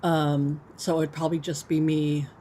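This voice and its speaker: This livestream host, a woman in her fifties, chats with viewers in a loose, rambling manner packed with fillers, eating while she talks into a microphone sitting off to one side on her computer. Her voice is low, flat and dark at a moderate pace. Slight background noise is audible.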